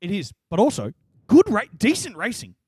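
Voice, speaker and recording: A man co-hosting a casual motorsport podcast, animated, laughing often and swearing freely. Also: high-pitched, normal speed, breathy edge, no room sound, clean studio sound. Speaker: podcast co-host. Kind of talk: casual sports chat.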